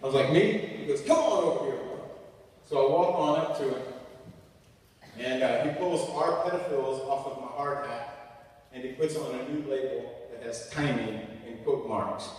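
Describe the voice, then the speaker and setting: A man in his forties from Louisiana giving a sermon-like talk and telling a humorous, animated story. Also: medium pitch, moderate pace. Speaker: guest speaker. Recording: echoey hall from far off.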